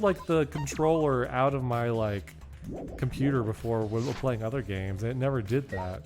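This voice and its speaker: A man's voice: mid-range voice, moderate pace, a little mellow, soft background music. Frustrated young man streaming a game. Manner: frustrated, swearing, self-mocking rants. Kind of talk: casual gaming stream commentary.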